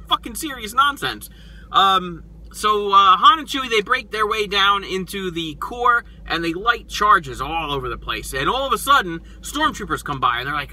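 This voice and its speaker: Man, toy show host, casual movie recap, swears, acts out quotes, sweeping animated pitch, bright tone. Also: low-quality recording.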